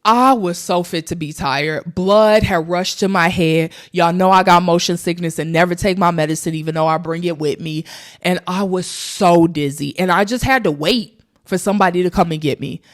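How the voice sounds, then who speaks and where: A young woman vlogging, telling a travel story casually and animatedly to her viewers. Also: on the low side. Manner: animated, addresses viewers as y'all.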